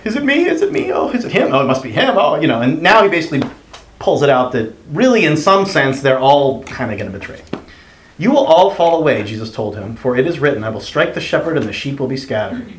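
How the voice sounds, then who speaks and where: A man leading a group Bible study discussion, reading passages aloud and asking the group questions. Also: medium pitch. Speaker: discussion leader. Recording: roomy room sound, faint noise.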